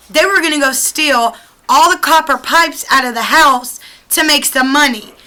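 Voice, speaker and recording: A woman's voice: sits high, normal speed, sharp tone, rough recording. A young woman vlogger telling a storytime to her camera at home, chatty and profane, with lots of "like".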